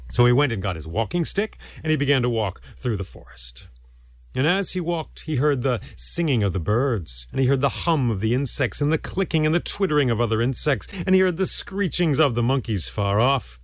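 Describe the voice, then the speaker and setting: Animated male storyteller. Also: mid-range voice, brisk, dry recording. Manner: animated, rhythmic, repetitive phrasing. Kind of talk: oral storytelling of a folk tale.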